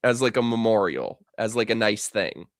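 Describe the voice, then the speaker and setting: Male streamer host, casual chat, animated pitch, dry close sound, giggly storyteller. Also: normal speed, no room sound. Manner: storytelling, breaking into giggly laughter. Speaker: show host.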